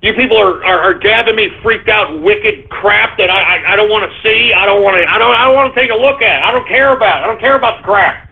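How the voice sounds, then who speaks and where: Man, radio host, ranting monologue, exasperated, stammering, gravelly, tinny phone-like sound. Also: high voice, fast, hardly any pauses. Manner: exasperated, cursing, talks to "folks", stammering restarts.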